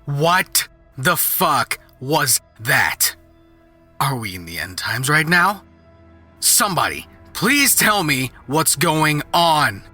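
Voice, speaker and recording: A man's voice: a little high, very animated, sharp tone, faint music behind, full character voice. A snooty rich businessman. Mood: alarmed. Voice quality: strong leading-man voice. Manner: haughty, quick to curse. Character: rich vain middle-aged businessman.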